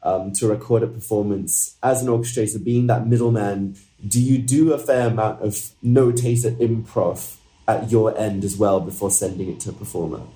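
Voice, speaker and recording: Man, low mellow voice, echoey room, co-host, measured question. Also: fairly even intonation. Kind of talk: casual interview question.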